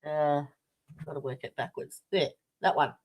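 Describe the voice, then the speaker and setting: A woman's voice: low-pitched, normal speed, a little mellow. An Australian woman hosting a casual livestream, chatty and welcoming viewers by name, with plenty of fillers. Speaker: livestream host.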